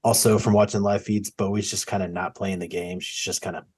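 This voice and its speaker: A man's voice: lowish voice, little pitch movement, a little fast, a little mellow, slightly rough. A man co-hosting a podcast in casual chat, chatty and acting out quotes he recounts. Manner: chatty, acts out quotes from the show; self-described easy crier. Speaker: podcast co-host.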